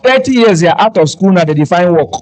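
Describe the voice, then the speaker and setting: Man, Cameroonian Pidgin accent, high voice, live stand-up, joking, sings hymn bits. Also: animated, quick pace, a little mellow, low-quality recording. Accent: Cameroonian Pidgin English. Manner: joking, breaks into snatches of hymns. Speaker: event entertainer and fundraiser.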